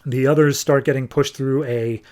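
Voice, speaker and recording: A man's voice: mid-range voice, steady tone, moderate pace, a little mellow. A man hosting a podcast, retelling a comic book in a loose, chatty way. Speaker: podcast host. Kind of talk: casual comic book recap.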